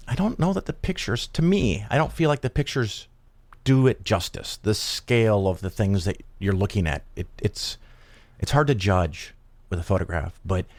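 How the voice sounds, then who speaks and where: Midwestern male host, deep gravelly voice, dry close sound, loose rambling chat. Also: darkish tone, dry recording. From Chicago area, United States. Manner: rambling, with many fillers and restarts. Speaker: podcast host. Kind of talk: casual chat.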